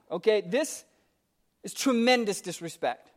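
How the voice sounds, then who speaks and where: A man's voice: high voice, unhurried. A man preaching a sermon, reading scripture aloud and then explaining it in a conversational, emphatic way with asides to the congregation. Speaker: pastor.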